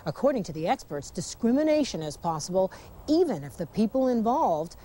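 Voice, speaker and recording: A woman TV reporter presenting a story in a measured, inquisitive broadcast style. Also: mid-range voice, sing-song, mellow, slight background noise.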